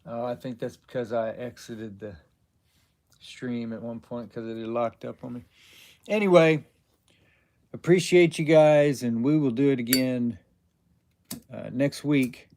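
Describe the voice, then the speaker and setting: A man hosting a casual live stream, answering viewers' chat questions in a rambling, halting way with many fillers. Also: medium pitch, flat delivery, dark tone. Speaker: livestream host.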